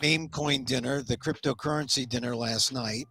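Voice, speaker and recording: A man's voice: mid-range voice, steady tone, normal speed, sharp tone, husky, soft background music. A man hosting a casual political chat, talking in an emphatic way and often repeating his phrases. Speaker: host.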